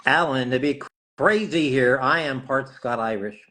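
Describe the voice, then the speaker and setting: A man's voice: medium pitch, measured pace, bright, forceful tone. A middle-aged man chatting casually and jokingly while signing autographs on a live stream. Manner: playful, jokey, chatty while writing.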